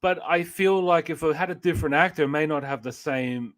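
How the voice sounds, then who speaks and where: A man's voice: on the high side, brisk, a bit bright, no room sound. A man co-hosting a live show, chatting casually and gushing with praise about a series. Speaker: co-host. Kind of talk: casual pop-culture chat.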